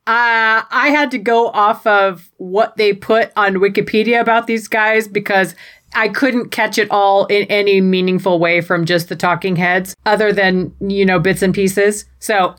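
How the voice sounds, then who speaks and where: A woman's voice: medium pitch, steady tone, a little slow, a bit bright. An American woman co-hosting a podcast, recapping a baking show in casual, wry and sweary chat. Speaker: podcast co-host.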